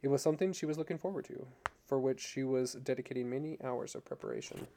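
A man reads a novel aloud at an even, measured pace. His voice is dark and mellow. A gravelly texture runs through his words. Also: mid-range voice. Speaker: narrator. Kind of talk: audiobook reading.

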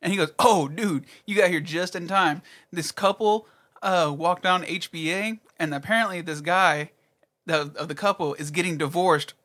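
A young man in casual chat with friends, telling an animated story, swearing freely and acting out what people said. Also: high-pitched, moderate pace. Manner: animated storytelling, heavy swearing, acts out quotes.

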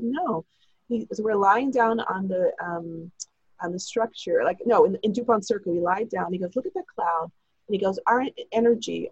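A woman recounts a long personal story in a rambling, breathless way, slipping into the voices of the people she quotes. Her voice is husky, and the recording is dry and a little dull, with no room sound. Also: mid-range voice, no echo. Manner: chatty, breathless retelling with quoted dialogue. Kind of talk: casual storytelling.

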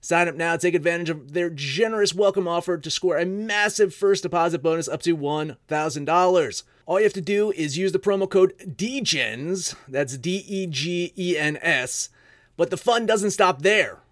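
Ad announcer, male, high voice, salesy scripted read, dry sound. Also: normal speed, a bit bright, no room sound. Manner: upbeat salesy delivery.

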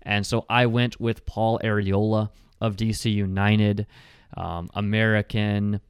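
A man co-hosting a relaxed sports chat, his voice low and smooth. He talks in quick, chatty runs full of fillers and little asides. The sound is dry and close. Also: no echo. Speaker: podcast co-host.

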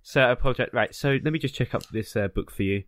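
A man's voice: mid-range voice, quick pace, dry recording, close to an everyday voice. A man playing a flustered, polite male librarian in an improvised comedy sketch, shushing noisy patrons.

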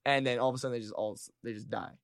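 A man telling stories in casual podcast banter, animated and crude, joking with friends. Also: medium pitch, no echo, studio quality. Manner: fast, animated storytelling with crude jokes. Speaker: comedian.

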